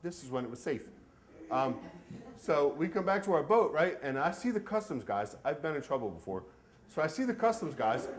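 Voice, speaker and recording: A male storyteller performs a funny personal story live, mocking himself as he goes. His voice is a little high for a man and swings widely in pitch, which makes him sound lively. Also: normal speed. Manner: animated, comic, self-mocking.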